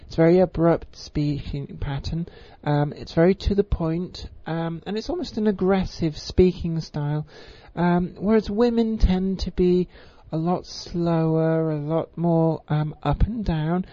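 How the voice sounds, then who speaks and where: A woman giving an informal voice tutorial, with crisp, careful enunciation and frequent ums. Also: on the low side, a little slow, hardly any pauses, mellow, dry recording. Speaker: voice coach. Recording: slightly muffled lo-fi recording.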